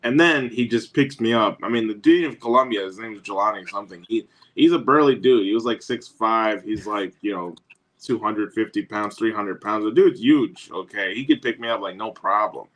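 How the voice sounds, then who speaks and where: A man's voice: on the low side, normal speed, a bit bright, low-quality recording. A man guesting on a talk show, telling his story bluntly and casually, with some swearing. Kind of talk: casual remote interview.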